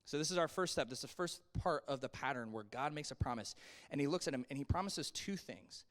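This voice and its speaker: Animated man teaching Sunday school. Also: fairly quick. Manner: animated, conversational, acts out quotes with big pitch swings; asides and jokes to the class. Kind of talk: casual Bible lesson.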